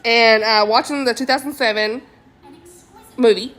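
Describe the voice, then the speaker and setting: A woman with a Southern US accent, chatting casually as a book vlogger, animated and often laughing. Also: on the high side, unhurried. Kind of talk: casual chat.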